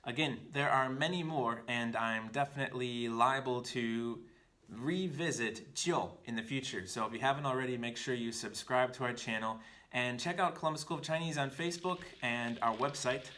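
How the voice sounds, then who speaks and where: A man teaching Chinese grammar, explaining each example clearly and step by step. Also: medium pitch, normal speed, sharp tone. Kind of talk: scripted explanatory lesson.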